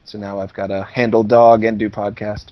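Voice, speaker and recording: A man hosting a podcast in casual chat, laid-back with quick amused reactions. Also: lowish voice, flat delivery, no room sound, muffled recording. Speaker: podcast host.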